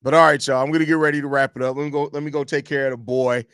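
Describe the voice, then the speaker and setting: A man's voice: mid-range voice, level tone, very fast, fairly bright tone, clean tone, dry recording, clean studio sound. A man hosting a casual live-stream sports podcast from home, talking loosely on a desk microphone, repeating phrases and reading chat questions aloud. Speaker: podcast host.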